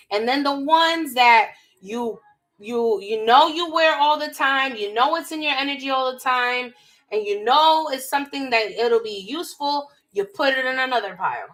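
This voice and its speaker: Young female tarot reader, high and bright, animated, slangy, addresses viewers directly. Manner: animated, emphatic, slangy, talking straight to viewers. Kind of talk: live tarot reading.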